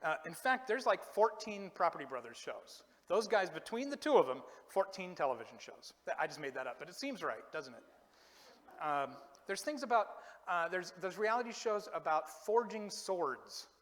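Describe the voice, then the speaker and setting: Pastor guy joking around in his sermon, kinda high voice, lots of echo in the church. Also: expressive, moderate pace, fairly bright tone. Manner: chatty, self-deprecating, joking asides. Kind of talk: casual humorous sermon. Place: church sanctuary. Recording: echoey church hall.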